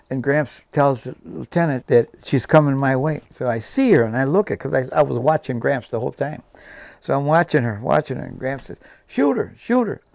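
A man in his seventies recounts his war experiences as a guest. He tells them vividly and acts out the dialogue. His voice is mid-pitched with gravelly fry, recorded dry and close. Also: no echo. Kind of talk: personal war storytelling.

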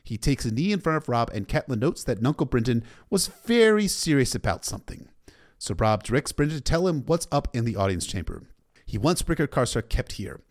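A man's voice: mid-range voice, sing-song, a little fast. A man recapping a story in a casual, irreverent way, cursing freely. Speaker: book recap narrator.

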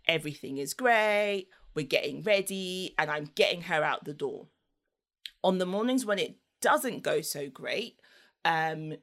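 A woman's voice: on the low side, fairly bright tone. A woman, chatting casually as a podcast guest, telling a story and laughing often. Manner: chatty, laughs often, acts out voices in anecdotes.

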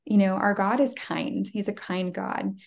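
A woman's voice: medium pitch, steady tone, unhurried, creaky, a little mellow. A woman in her thirties, a podcast guest, telling a personal faith story in an earnest, conversational way and acting out the dialogue. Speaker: podcast guest, prophetic trainer.

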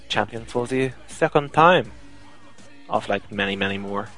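Male co-host, low voice, chatty and steady, light music underneath. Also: unhurried, rough recording. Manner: chatty, steady storytelling with many fillers. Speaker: podcast co-host. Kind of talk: casual chat.

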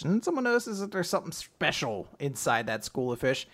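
Animated man recapping with laughs. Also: fairly high pitch, brisk, hardly any pauses. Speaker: podcast host recapping an anime. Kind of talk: casual chat.

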